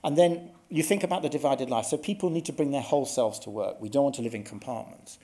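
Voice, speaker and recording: A man's voice: medium pitch, fast talker, warm tone. A middle-aged man giving a conference workshop talk in an earnest, explanatory way, often restarting his sentences. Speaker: workshop speaker. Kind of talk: conference presentation.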